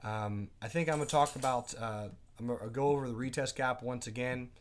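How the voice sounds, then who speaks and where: A man teaching a live day trading class, chatting casually, asking his viewers quick questions and reading out their comments. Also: medium pitch, fairly even intonation, a little hiss or hum. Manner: asks quick questions to the audience.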